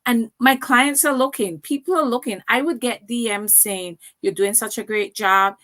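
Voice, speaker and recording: A woman's voice: fairly high pitch, normal speed, fairly bright tone. A woman in her thirties from Canada, a guest telling her story in casual interview chat and acting out the dialogue she quotes.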